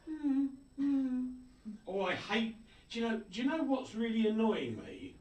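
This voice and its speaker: A man hosting a radio show, chatting casually and jokingly as he reads out listener greetings. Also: measured pace. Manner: jokey, chatty, with lively swings of pitch. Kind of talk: casual on-air chat, reading listener messages. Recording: roomy, distant mic with faint noise.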